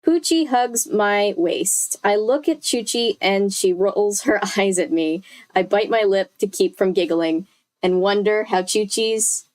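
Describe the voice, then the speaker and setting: Young woman, casual live read-aloud, chatty, mid-pitched, fixes her own slips as she goes. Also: unhurried, darkish tone. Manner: chatty, with self-corrections and asides to chat. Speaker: streamer reading a book aloud.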